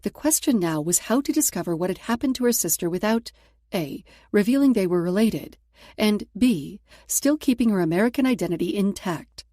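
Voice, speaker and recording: A woman reading a romance novel aloud as an audiobook narrator in a steady, even way. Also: mid-range voice, no echo, clean studio sound. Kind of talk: scripted narration.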